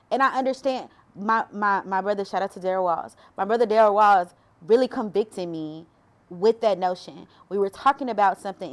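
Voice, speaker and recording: Emotional woman giving testimony. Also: mid-range voice. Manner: emotional, preachy, addresses viewers as y'all. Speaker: faith vlogger. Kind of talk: personal testimony talk.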